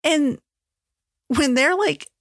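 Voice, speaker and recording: A woman's voice: sits high, extremely slow, no room sound, clean studio sound. Gushing, chatty woman reviewing a book. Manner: chatty, gushing, with many fillers like "like". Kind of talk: casual chat.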